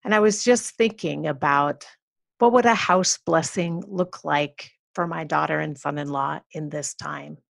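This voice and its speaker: A woman's voice: lowish voice, creaky. A middle-aged woman co-hosting a podcast, sharing personal reflections thoughtfully.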